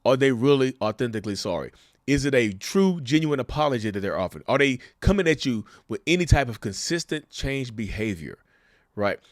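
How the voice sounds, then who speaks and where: A man's voice: mid-range voice, sing-song, brisk, no room sound, studio quality. A man giving casual, emphatic commentary on relationships, asking the viewers rhetorical questions and calling them y'all. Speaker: commentator sharing a narcissist's view.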